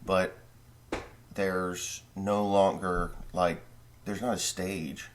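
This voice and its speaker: A farmer vlogger telling a long, rambling dream story in a casual way, full of profanity and self-corrections. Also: male voice, low-pitched, level tone, drawn-out words.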